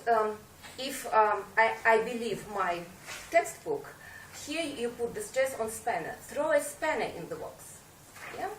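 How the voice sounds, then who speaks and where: A fairly high-voiced woman gives a prepared speech to a speaking club. She pauses often on fillers and slips in dry, self-mocking jokes. She is picked up from a distance in an echoey meeting room with faint background ambience. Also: slight background noise. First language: Russian. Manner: hesitant, many fillers, wry self-mocking humor.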